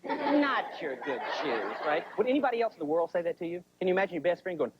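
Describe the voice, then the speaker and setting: A male comedian working the crowd in a stand-up routine, with a lively, bouncing pitch. He keeps checking in with his listeners. The sound is muffled, like a 1980s TV broadcast. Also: very fast, heavy background noise. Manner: chatty, keeps asking the crowd "right?".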